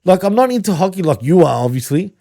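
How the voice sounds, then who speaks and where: An Australian man in loose, profane podcast chat, full of bro and dude and quick laughs. His voice sits a touch high for a man yet sounds mellow and dark. The recording is close and dry, with no room sound. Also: sing-song, creaky, no room sound. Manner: swears often, laughs a lot, says bro and dude. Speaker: podcast co-host. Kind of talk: casual chat.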